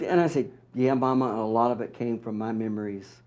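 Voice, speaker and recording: A middle-aged man from Mississippi, an author being interviewed, telling stories in an animated, wry way and acting out what others said. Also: mid-range voice, brisk. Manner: animated, wry storyteller who acts out quotes. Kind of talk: storytelling in an interview.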